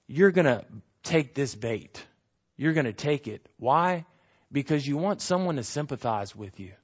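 A man giving a conversational Bible teaching, animated, asking rhetorical questions and acting out the quotes he reads. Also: mid-range voice, dull audio.

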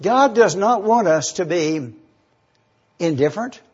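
Bible teacher guy, slow and careful, spells stuff out letter by letter, kinda husky, muffled old recording. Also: high voice, animated, a little mellow. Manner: deliberate, spells out words letter by letter.

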